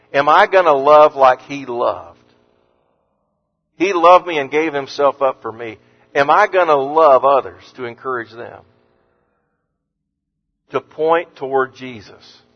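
A man preaching an earnest sermon as pastor, lifting his voice on scripture quotes and dropping low and soft on words of comfort. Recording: muffled sound with long hall reverb.

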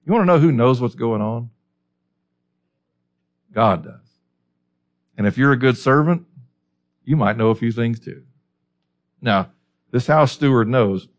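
A man's voice: mid-range voice, animated, measured pace, pauses often. A man preaching an expository sermon in a conversational way, often asking rhetorical questions.

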